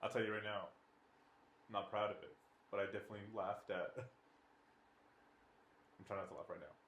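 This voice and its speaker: A man's voice: on the low side, steady tone, fairly quick, fairly bright tone, reverberant, slight background noise. A man co-hosting a casual podcast among brothers, asking the questions and laughing through his stories. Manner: laughs while telling stories. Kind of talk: casual chat.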